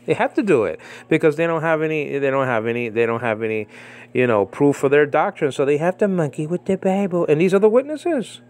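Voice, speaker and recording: A man giving casual spoken commentary on a religious debate, animated and mocking, with many fillers and repeated phrases. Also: a little high, fairly quick. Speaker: Bible commentator. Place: living in the Philippines.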